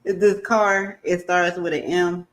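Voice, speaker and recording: A woman's voice: fairly low pitch, flat delivery, takes it slowly. A woman co-hosting a casual live chat, laughing often at herself. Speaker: livestream co-host.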